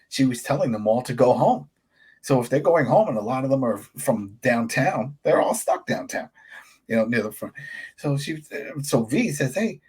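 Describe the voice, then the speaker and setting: A man co-hosting a podcast, chatting casually about a TV episode and jumping into high voices to act out characters. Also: breathy edge. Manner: animated, acts out characters in sudden high-pitched voices. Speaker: podcast co-host, editor. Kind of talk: casual review chat.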